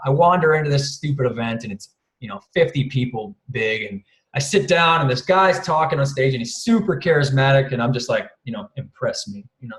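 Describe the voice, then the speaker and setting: A man guest speaker telling a casual story over a video call, rambling, chuckling often and swearing casually. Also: medium pitch. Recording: roomy video call audio.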